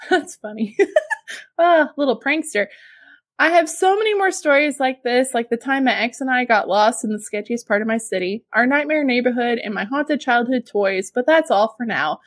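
A woman co-hosting a podcast, reading a listener's letter aloud in an expressive way. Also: high-pitched, normal speed, dry recording, studio quality. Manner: expressive, laughs often. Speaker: podcast co-host.

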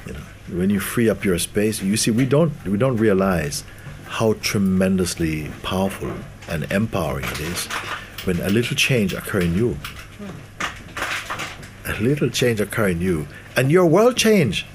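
A man's voice: low-pitched, sing-song, normal speed, background noise. A man giving a spiritual talk to an audience, laughing often and acting out the voices of the people he quotes. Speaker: spiritual teacher.

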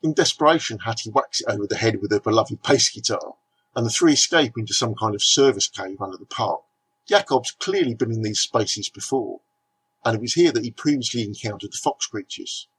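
Low husky male reviewer. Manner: steady, measured reading. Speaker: comic reviewer. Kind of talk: scripted review narration.

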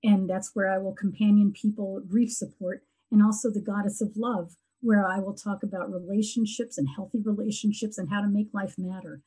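A middle-aged woman talking earnestly and reflectively in a heartfelt conversation, often pausing and restarting. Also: mid-range voice, fairly even intonation, warm tone, breathy edge, low-quality recording. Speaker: guest sharing her grief story.

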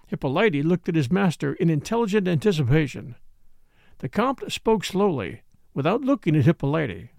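A man reading a novel aloud as an audiobook narrator, with expressive storytelling. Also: fairly high pitch, moderate pace, gravelly, no room sound, clean studio sound. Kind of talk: scripted narration.

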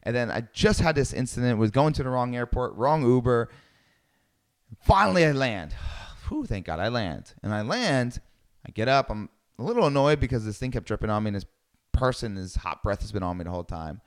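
A man telling a personal travel story in a lively way, acting out the people he quotes. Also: medium pitch, brisk. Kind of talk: storytelling talk.

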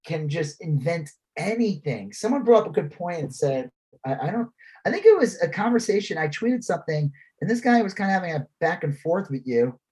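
A man co-hosting a podcast, talking in a blunt, animated, rambling way with plenty of swearing. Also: on the high side, fairly quick, husky, low-quality recording. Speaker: podcast co-host. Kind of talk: casual political chat.

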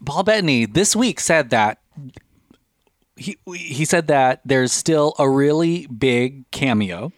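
A man's voice: mid-range voice, expressive, takes it slowly, dry recording, studio quality. A man co-hosting a podcast, talking casually in a rambling, jokey way. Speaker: podcast co-host. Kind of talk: casual chat.

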